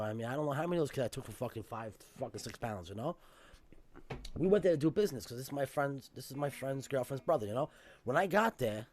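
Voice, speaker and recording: New man, fast, profane storyteller, mid-pitched, casual podcast guest. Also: a little mellow. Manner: emphatic, profane street-style talk.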